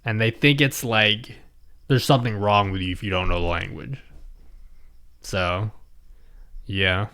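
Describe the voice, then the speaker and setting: A man's voice: on the low side, steady tone, measured pace, pauses often, bright, forceful tone. A man from the Philippines chatting casually on his stream, rambling, chuckling and answering his chat.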